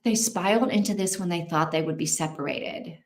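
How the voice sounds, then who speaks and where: A woman's voice: lowish voice, a little fast, echoey room. A woman hosting a casual livestream, chatting, thinking aloud and reacting to viewer comments. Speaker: livestream host.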